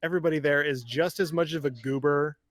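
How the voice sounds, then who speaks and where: A man guest on a podcast, telling a relaxed story in a casual group chat. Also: fairly high pitch, quick pace.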